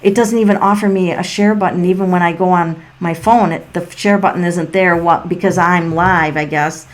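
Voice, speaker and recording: A woman's voice: fairly low pitch, fairly even intonation, moderate pace. A middle-aged woman giving tarot readings on a home livestream, chatty and rambling and often laughing, speaking into a laptop mic. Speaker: tarot reader hosting a live stream. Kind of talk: casual livestream chat while giving readings. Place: at home on a farm. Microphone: laptop built-in mic.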